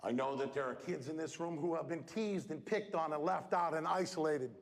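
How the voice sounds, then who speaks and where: A man's voice: fairly high pitch, fairly quick. A man giving an emphatic motivational speech at a school assembly, calling out to the students. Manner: emphatic, animated, calls out to the audience. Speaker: motivational speaker. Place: school hall with student audience. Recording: echoey hall with crowd.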